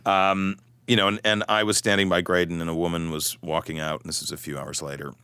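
A middle-aged man with a low, deep voice tells his story as an interview guest. He is animated and self-deprecating and restarts his sentences often. His voice is recorded dry and close, with no room sound. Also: brisk, clean tone, dry recording. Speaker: guest, author.

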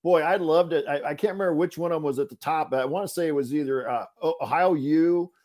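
A man's voice: a little high, quick pace, darkish tone. A man hosts a casual sports chat in a slightly raised voice. He is chatty and keeps jumping in with questions from the chat. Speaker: podcast host.

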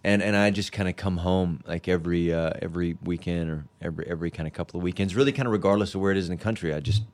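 A man talking as a podcast guest in casual chat, rambling and halting with many restarts. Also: low-pitched, darkish tone.

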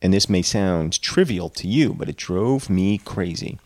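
A man's voice: deep voice, animated, a little slow, a little mellow, no room sound. A man giving casual, sarcastic commentary with slangy asides between readings from a classic novel. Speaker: book reader and commentator.

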